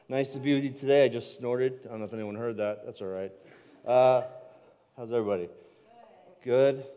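A man's voice: medium pitch, mellow, in a large hall. A man speaking as a guest preacher, opening with self-deprecating jokes. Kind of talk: humorous sermon opening.

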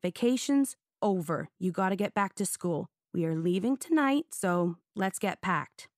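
A woman's voice: medium pitch, lively intonation, a little slow, a little mellow, no room sound, studio quality, lightly acted. Woman voicing a caring practical mother. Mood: firm.

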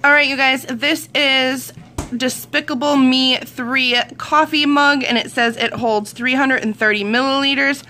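Showing off her mail in a casual vlog, this woman from Wisconsin, United States, in her thirties, giggles and gushes as she talks. Her high-pitched voice is steady, pushed and bright, and she's in no hurry.

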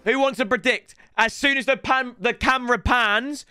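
A man giving excitable, swear-laden reaction commentary to his viewers. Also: very high voice, normal speed, soft background music. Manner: excitable, swears, keeps addressing viewers as lads. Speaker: gaming YouTuber reacting to match footage.

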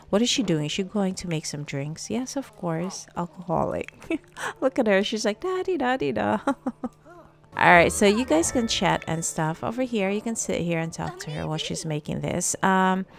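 With a lowish, gravelly voice, this woman streams gameplay and comments casually, chatting to her characters. Her speech is full of fillers.

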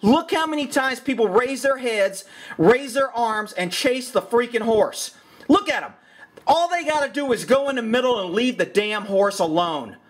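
A man's voice: very high-pitched, lively intonation, normal speed. A man giving blunt, exasperated commentary over a video, swearing often. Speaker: horse trainer and commentator.

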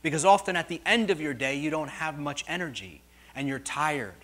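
A middle-aged man preaching a sermon as pastor, telling stories in a rambling way and swinging from soft asides to loud, rising peaks. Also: on the high side, fairly quick. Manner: storytelling, digressive, swings from quiet to loud; jokes with congregation.

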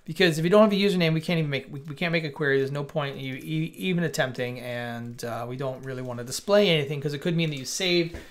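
A man's voice: a little high, fast talker, few pauses. A man teaching coding on a livestream, thinking aloud and correcting himself as he chats to viewers. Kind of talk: casual live coding walkthrough. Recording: light background music. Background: faint music.

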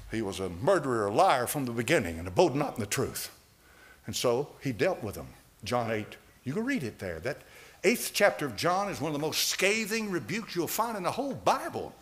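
An older man preaching a sermon in a church, swinging from loud, fervent lines to hushed ones. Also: medium pitch, big pitch swings, a little fast. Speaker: pastor. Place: church sanctuary.

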